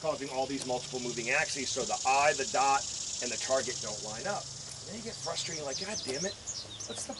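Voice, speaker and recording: At an outdoor range, a male firearms instructor teaches a live class, joking, swearing, and quizzing his students along the way. His mid-range voice is brisk, and the outdoor recording is noisy.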